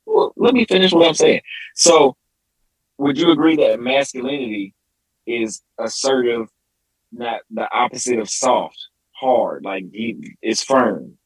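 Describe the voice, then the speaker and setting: A man's voice: mid-range voice, animated, unhurried, husky, dry recording, poor audio. A man as a podcast guest in a heated debate, insistent, stumbling over restarts.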